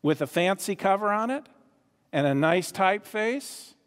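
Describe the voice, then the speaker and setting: A man's voice: high-pitched, animated, moderate pace, long reverb tail. A man preaching a sermon, emphatic, repeating phrases and asking the audience questions.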